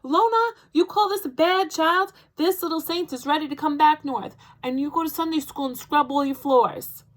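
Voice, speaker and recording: A woman doing a squeaky, bossy old southern grandmother. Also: animated, normal speed. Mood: bossy, doting. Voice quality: squeaky, loud and sharp.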